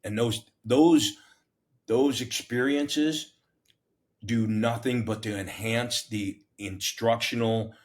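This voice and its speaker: A middle-aged man and fire captain, telling a story in a casual interview in an animated, self-mocking, plain-spoken way with many restarts. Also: mid-range voice, slow. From United States.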